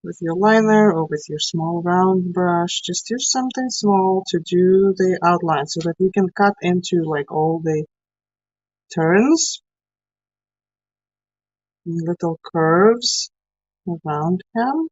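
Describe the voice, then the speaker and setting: A woman with a fairly low, darkish voice speaks slowly while teaching a live painting class, staying chatty and encouraging as she paints along with her students. The art teacher's recording is dry and slightly dull, with no room sound.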